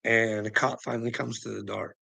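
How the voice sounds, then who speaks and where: A vlogger with a lowish, creaky voice and a sharp, level tone speaks fairly quickly in a rough recording with no echo. He rants angrily about a run-in with police, agitated and swearing heavily as he tells the personal story.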